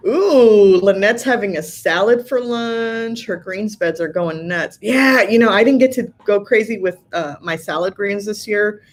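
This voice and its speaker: A woman's voice: medium pitch, expressive, measured pace. Tired, chatty middle-aged woman livestreaming. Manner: chatty, laughs often, many fillers. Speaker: livestream host. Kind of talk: casual live chat reading viewer comments.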